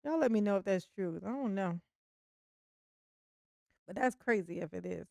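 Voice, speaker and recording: A woman's voice: mid-range voice, expressive, normal speed, gravelly, dark tone, dry recording, studio quality. A woman hosting a casual livestream commentary, chatty and swearing freely, often breaking into laughter.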